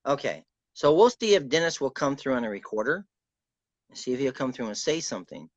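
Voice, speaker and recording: A man acting as a spirit medium, guiding a sitter and calling out to spirits in a soft, reassuring way. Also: medium pitch, very animated, fairly quick, dry recording, dull audio. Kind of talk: guided spirit session.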